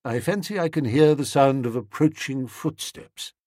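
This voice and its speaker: A man voicing a formal, measured manservant who speaks with precise deference in an audiobook. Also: mid-range voice, a little mellow, no room sound, studio quality, natural voice. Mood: composed. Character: formal, unflappable male valet. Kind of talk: audiobook character voice.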